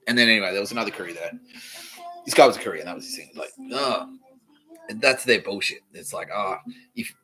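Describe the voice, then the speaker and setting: A man's voice: on the low side, quick pace, long pauses, pushed and bright, rough recording. An Australian man hosting a podcast, telling a rambling, profane comic story and laughing between phrases. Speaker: podcast host.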